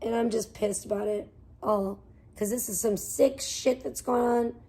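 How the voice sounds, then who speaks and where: A woman livestreaming, ranting in a profane, defensive way that swings between muttering and loud outbursts. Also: a little high, steady tone, unhurried, husky. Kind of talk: casual livestream rant.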